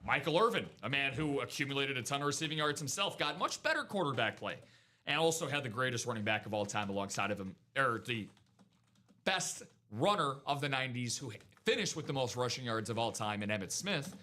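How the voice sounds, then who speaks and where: A man's voice: mid-range voice, animated, brisk, bright, forceful tone. A man hosting a live sports card break, chatting casually about football and hyping deals to viewers in an upbeat way. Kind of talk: casual sports chat and sales pitch.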